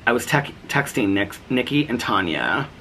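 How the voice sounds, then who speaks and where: A man's voice: medium pitch, big pitch swings, normal speed, pushed and bright, a little hiss or hum. A middle-aged man chatting casually in a daily vlog from his front porch, retelling his day with quoted back-and-forth dialogue. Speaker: vlogger.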